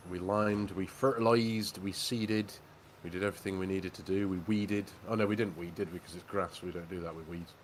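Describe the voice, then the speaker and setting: Here a man with a deep voice talks a little fast in fairly even tones, with slight background noise. He's co-hosting a farming game livestream, chatty and joking, reading viewer messages out and dropping "mate" constantly.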